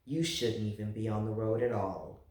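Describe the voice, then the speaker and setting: A stern police officer barking orders, loud and raised, as a reader puts him on. The voice bounces around a very echoey room and sits far from the mic. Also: medium pitch, normal speed, natural voice.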